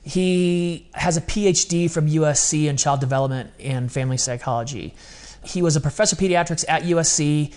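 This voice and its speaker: A man with a voice pitched a little above the usual male range speaks as a podcast guest. He talks candidly and earnestly, in a confessional, storytelling way. He often drops into quoting his own words, as if replaying a conversation. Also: fairly quick, a little mellow. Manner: quotes his own past words in dialogue.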